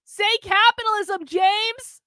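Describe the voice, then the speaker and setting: A woman's voice: extremely high pitch, measured pace, pushed and bright, dry recording, voice pushed up, exaggerated voice. A woman voicing a fierce, tearful woman who screams her demands, in a comic fan story read aloud. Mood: screaming. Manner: screaming, roaring.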